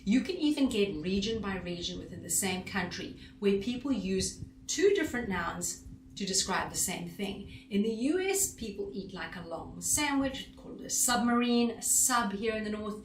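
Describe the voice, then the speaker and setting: A woman's voice: mid-range voice, lively intonation, moderate pace, slight background noise. A woman speech coach giving an instructional talk to camera, emphatic and full of rhetorical questions. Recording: roomy echo.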